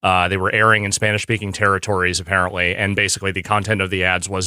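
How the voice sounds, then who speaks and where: Male co-host, lowish bright voice, dry sound, wry asides. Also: little pitch movement, fast talker, clear, resonant tone, no echo. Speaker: podcast co-host. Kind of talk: casual podcast chat.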